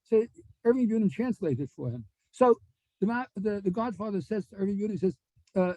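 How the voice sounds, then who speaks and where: Rabbi, high voice, lively storyteller, dry close recording. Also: male voice, brisk, no echo, low-quality recording. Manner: animated storyteller, acts out dialogue. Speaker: rabbi giving a Torah class. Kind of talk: storytelling Torah lecture.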